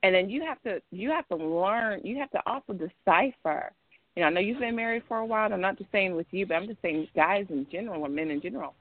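A woman's voice: mid-range voice, lively intonation, quick pace. Woman on a tinny phone line. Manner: emphatic, repetitive, rambling explanation. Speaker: caller. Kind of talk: casual call-in discussion.

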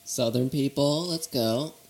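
A man's voice: mid-range voice, unhurried, vocal fry, a little mellow. A man hosting a comedy talk show, trading laid-back, dryly joking banter with his guest. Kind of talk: casual comedic chat.

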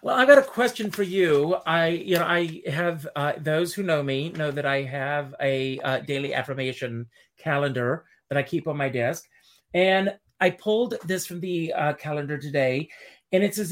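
A man hosting a casual chat-show interview, animated and speaking directly to his audience. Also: on the high side, moderate pace. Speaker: host.

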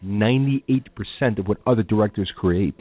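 A man's voice: fairly low pitch, moderate pace, dry recording. A man hosting a film talk show, speaking casually and with strong opinions, rambling through asides. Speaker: podcast host. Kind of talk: casual solo radio talk. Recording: tinny phone-like lo-fi audio with faint music.

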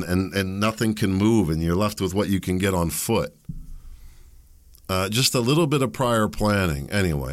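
A man hosting a solo commentary show, rambling and opinionated, with sardonic asides. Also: low-pitched. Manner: rambling, opinionated, sardonic, with mocking put-on quotes. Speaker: podcast host.

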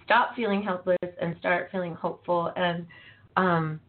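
A woman's voice: on the low side, steady tone, moderate pace. A woman hosting a podcast interview, talking in an emotional, effusive way with lots of fillers. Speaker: podcast host. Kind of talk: casual interview chat. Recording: tinny phone-like line.

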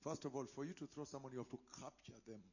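A man preaching a sermon, moving between quiet asides and loud impassioned declarations. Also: mid-range voice, steady tone, fast, slightly rough, lo-fi sound.

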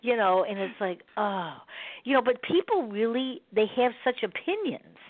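A woman hosts a radio talk show over phone-line audio, speaking at a moderate pace in a highish voice with big pitch swings and no echo. Her chat is casual and rambling, and she laughs often.

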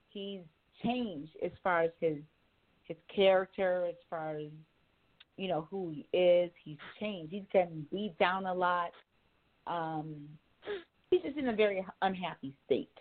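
A woman's voice: lowish voice, a little slow. A woman calling in for a casual chat, talking frankly and profanely and laughing often. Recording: tinny phone line.

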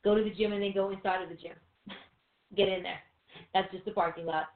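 A woman co-hosting a Christian teaching show, preaching in a loose, conversational way with rhetorical questions and quick asides. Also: mid-range voice, fairly even intonation. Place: room with a few listeners behind the cameras. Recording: tinny phone-like sound in an echoey room.

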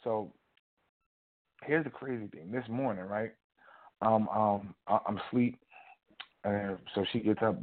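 A man co-hosting a casual talk show, telling a rambling, animated story full of fillers. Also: on the low side, measured pace, pauses often. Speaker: co-host. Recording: tinny phone-like audio.

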